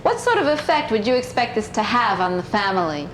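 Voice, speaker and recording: A woman teacher with a fairly high voice and a very animated pitch leads a classroom discussion. She asks questions and encourages answers, with a faint hiss in the background. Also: a little fast. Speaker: English teacher.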